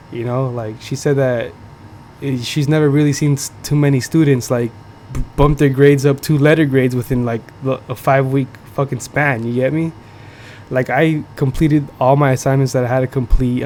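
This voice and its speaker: A young man from the United States tells a long story on his podcast in a loose, slangy, swearing ramble packed with fillers. His voice sits at an ordinary middle pitch, with a faint hum of room noise behind him. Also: a little mellow. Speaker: podcast host. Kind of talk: casual storytelling. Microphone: streaming setup.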